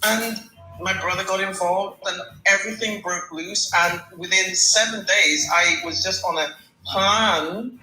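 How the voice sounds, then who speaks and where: A woman in her forties on a live call, recounting a painful personal story in a halting way, repeating and restarting words. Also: medium pitch, sharp tone, roomy sound, soft background music, poor audio. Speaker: caller sharing her story.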